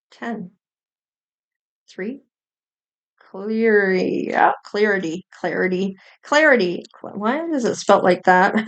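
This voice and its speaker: A woman's voice: medium pitch, gravelly. A woman tarot reader musing aloud in an unscripted psychic reading, meandering with fillers and small giggles.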